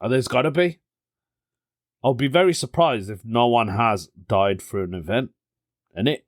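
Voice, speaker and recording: A young man chats through his solo podcast, musing aloud and drifting into stories. His voice sits at an ordinary middle pitch and he laughs easily. The recording is dry and close, with no room sound. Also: normal speed, dry recording. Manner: chatty storyteller, laughs often, British slang like "innit". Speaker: podcast host. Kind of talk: casual solo podcast chat.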